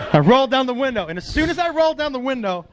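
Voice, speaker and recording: High-pitched, animated stand-up comedian man. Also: background noise. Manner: animated, acts out characters, profane.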